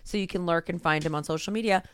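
A woman's voice: fairly low pitch, fast talker, clear, resonant tone, dry recording. A woman co-hosting a podcast in casual chat, swearing freely, laughing often and reading listener mail aloud, teary at times. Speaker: podcast co-host.

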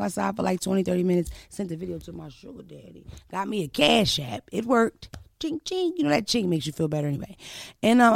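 A young adult woman hosting a podcast, telling her story in a casual chat. She speaks in a brash, profane, animated way. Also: mid-range voice, gravelly, dry recording, clean studio sound. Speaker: podcast host.

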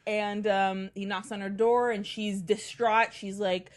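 A woman's voice: mid-range voice, level tone, unhurried. A woman co-hosting a podcast, animatedly retelling a film's plot, dropping in Spanish phrases and swearing casually. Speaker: podcast co-host. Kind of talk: casual film recap chat.

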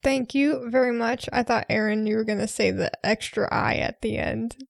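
A woman co-hosting a podcast, reading listener reviews in a lively, laughing, casual way. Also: a little high, normal speed, gravelly, no echo, studio quality. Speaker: podcast co-host.

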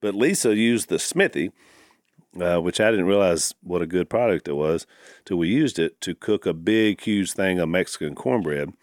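A man's voice: deep voice, normal speed, no room sound, studio quality. A man, co-hosting a podcast and telling stories in an easygoing, casual way. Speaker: podcast co-host. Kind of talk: casual chat.

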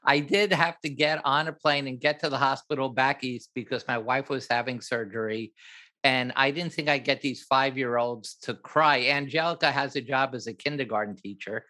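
An older man, a film director, telling a story in an interview, animated and acting out what others said. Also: medium pitch, normal speed. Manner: animated, acts out other people's lines, laughs at his own story.

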